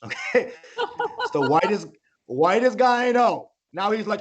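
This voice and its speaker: A man's voice: sits high, huge pitch swings, measured pace, highs cut off. Rambling male stand-up comic. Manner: rambling, self-interrupting, laughs at own jokes. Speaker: comedian. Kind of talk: stand-up comedy set.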